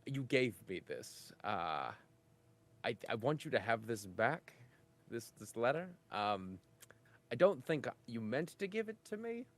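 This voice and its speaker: A man voicing a cautious, level-headed male adventurer who speaks deliberately and a little wryly. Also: mid-range voice, big pitch swings.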